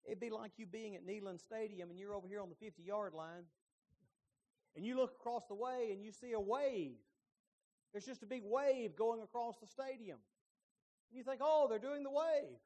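A middle-aged man preaching a sermon, telling the story with lively emphasis and folksy asides. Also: high-pitched, normal speed.

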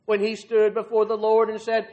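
High-voiced man preaching a sermon. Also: monotone, normal speed, darkish tone, lo-fi sound. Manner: earnest, folksy preaching with rhetorical questions.

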